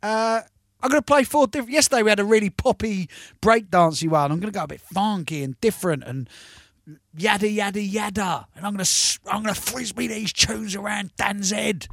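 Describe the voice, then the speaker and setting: A man hosting a live radio show, reading out shout-outs in a cheeky, rambling way and singing along now and then. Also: high-pitched, a little fast, vocal fry, no room sound, studio quality. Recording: music playing behind the voice. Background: music.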